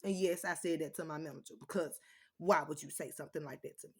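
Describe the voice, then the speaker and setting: A woman's voice: sits low, fast talker, breathy edge. Blunt, cussing woman ranting to viewers. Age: adult with children. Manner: blunt, profane, animated storytelling. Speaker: vlogger. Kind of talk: casual chat to viewers.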